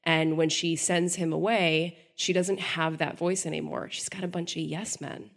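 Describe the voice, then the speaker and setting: Woman, podcast host, lowish voice, analytical, casual discussion. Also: fairly even intonation, normal speed, gravelly. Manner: thoughtful, analytical, frequent restarts.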